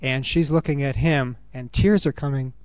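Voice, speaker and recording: A man giving a reflective conference talk, earnest and musing, thinking aloud with pauses. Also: mid-range voice, fairly even intonation, smooth, dry recording. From United States. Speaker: conference speaker. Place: university conference room.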